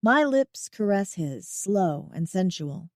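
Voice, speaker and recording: A young adult woman narrating a first-person audiobook, with an expressive, emotive delivery and dramatic swings. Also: mid-range voice, slow pace, no room sound, studio quality.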